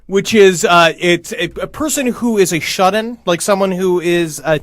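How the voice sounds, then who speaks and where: A man hosting a casual podcast, joking with friends and reading a story aloud in a hushed voice. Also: normal speed, no echo, studio quality. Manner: joking, reads in a hushed low voice. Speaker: podcast host.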